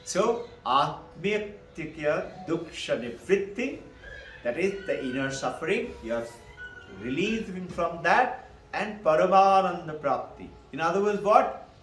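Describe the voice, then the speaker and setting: A man's voice: on the high side, lively intonation, measured pace. A man gives a teaching talk on Vedanta. He poses rhetorical questions and answers them himself, laughs between points and often adds "no?" as a tag. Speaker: spiritual teacher. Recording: echoey room, mic at a distance.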